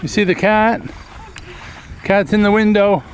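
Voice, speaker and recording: A man's voice: high voice, measured pace, slight background noise. Playful man filming in an old barn. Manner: playful, repeats lines in a spooky voice. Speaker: vlog host. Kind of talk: casual family vlog narration.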